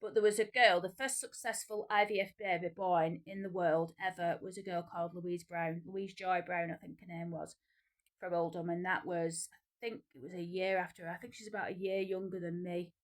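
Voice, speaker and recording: A woman in her forties with a Northern English accent, chatting casually to camera in a rambling, animated way. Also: moderate pace. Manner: chatty, rambling, many restarts and repeats; animated, pitch jumping up when excited. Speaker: vlogger.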